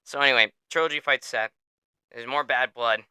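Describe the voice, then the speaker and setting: A man hosting a casual sports podcast, telling stories in an animated way, swearing freely and laughing often. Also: mid-range voice, normal speed, long pauses, smooth, no echo. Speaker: podcast host.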